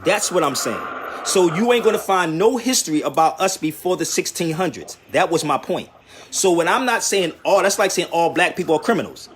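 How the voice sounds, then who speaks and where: Brief: man, high and very lively voice, insistent street debater, faint noise behind. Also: fairly quick, husky. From Philadelphia, USA. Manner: animated, insistent, repeats "listen" and "bro". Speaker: traveling commentator and radio host.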